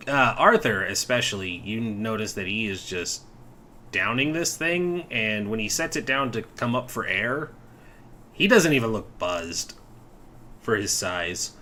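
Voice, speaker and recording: A man's voice: on the low side, lively intonation, unhurried, bright, forceful tone, a little hiss or hum. A man narrating as game master of a tabletop game, often stumbling over repeated words and laughing. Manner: laughing, stammering restarts.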